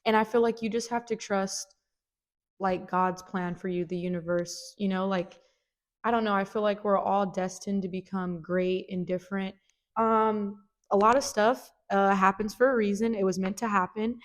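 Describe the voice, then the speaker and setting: A woman's voice: mid-range voice, fairly even intonation, moderate pace. Earnest young woman hosting a podcast. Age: 20s. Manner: earnest, heartfelt, lots of "like". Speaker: podcast host. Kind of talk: casual chat.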